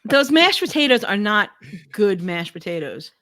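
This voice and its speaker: A chatty woman co-hosting a relaxed live stream about food. She laughs easily and often stops mid-word to start over, in a plain mid-range voice. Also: medium pitch, moderate pace. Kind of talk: casual chat.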